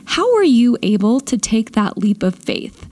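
A woman podcast host with a slightly high voice. She responds warmly and affirmingly, then poses her questions in a smooth, measured way. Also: big pitch swings. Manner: warm, affirming interviewer with soft reactions. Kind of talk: interview hosting.

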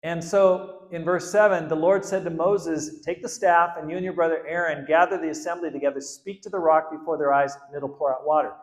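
A man preaching a sermon as pastor, animated, swinging between loud outbursts and quiet asides and acting out the quotes. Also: a little high, brisk, hardly any pauses, roomy sound. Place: church hall.

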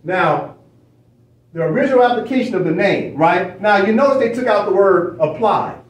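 A man's voice: high-pitched, lively intonation, moderate pace, reverberant, distant mic, low-quality recording. A man leading a study session, lecturing emphatically with repeated phrases and rhetorical questions. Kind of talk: lecturing while reading from a screen.

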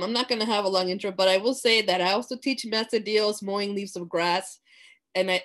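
A woman poet reading her own poem aloud over a video call, building intensity as she reads. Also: on the low side. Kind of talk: poetry reading.

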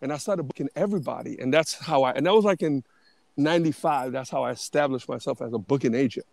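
A man in his fifties telling stories as a podcast guest, animated and restarting often. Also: medium pitch, fast, creaky, no echo. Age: 50s. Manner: animated, restarts often, acts out quoted voices. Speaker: interview guest, booking agent. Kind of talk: casual storytelling.

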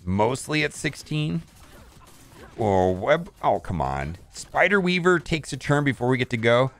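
A man's voice: medium pitch, big pitch swings, a little slow, fairly bright tone, faint music behind. A man casually commenting on his mobile game as he plays, thinking aloud and restarting his sentences often.

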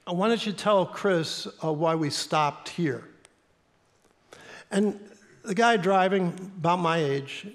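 A middle-aged pastor with a Midwestern accent, telling a story in a sermon in an earnest, halting way with fillers. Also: male voice, high-pitched. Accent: American Midwestern. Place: church sanctuary. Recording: long hall reverb in a church.

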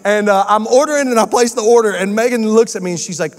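A man preaching a sermon as pastor, telling stories with acted-out voices in a lively, animated way. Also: high voice, quick pace, hardly any pauses. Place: church sanctuary. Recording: long hall reverb from a church sanctuary.

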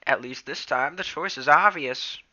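A man's voice: on the high side, normal speed, bright, forceful tone, muffled recording, voice pushed up. A young man voicing a mild, welcoming old male elder cat in a storybook reading.

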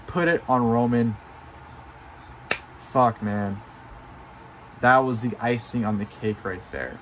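Excitable man with casual, profane delivery. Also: mid-range voice, a little hiss or hum. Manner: excited, swears freely, many fillers like "you know". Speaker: wrestling show reviewer. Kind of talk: casual review vlog.

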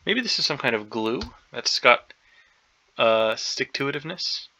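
Gravelly man muttering through a puzzle. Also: mid-range voice, animated, unhurried, sharp tone. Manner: hesitant, unsure, many ums and self-doubts. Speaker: crossword solver. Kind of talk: thinking aloud while solving a puzzle. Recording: dull lo-fi recording.

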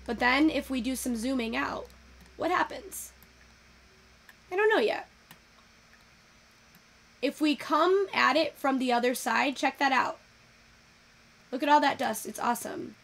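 A young woman giving casual, excitable commentary while taking in-game photos, swearing freely and gushing over what she sees. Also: high voice, measured pace, vocal fry, pauses often. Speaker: virtual photography creator.

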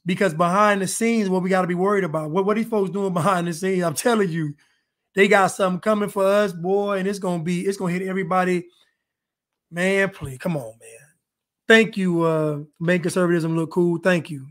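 High-voiced joking podcast host man. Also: a little fast. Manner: animated, joking, repeats himself. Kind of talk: casual live-stream chat.

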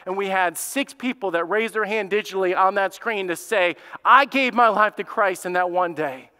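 A man preaching a sermon as pastor, telling a story in a lively, conversational way. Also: high-pitched, moderate pace, smooth. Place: church sanctuary. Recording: long hall reverb.

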